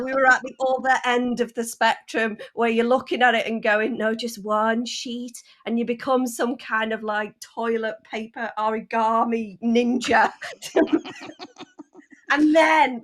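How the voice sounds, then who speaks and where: A woman's voice: a little high, fairly bright tone. A woman co-hosting a podcast, upbeat and encouraging as she tells light stories. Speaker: podcast co-host. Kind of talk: casual chat.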